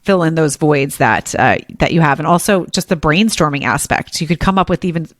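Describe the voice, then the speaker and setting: A woman podcast host chatting in a casual interview, energetic and openly expressive, with quick asides. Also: low voice, no echo.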